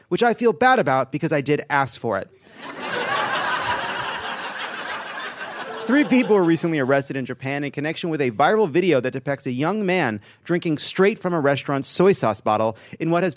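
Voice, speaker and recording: A man hosting a podcast, delivering a sardonic comedic news monologue with swearing and laughing at his own jokes. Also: a little high. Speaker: podcast host.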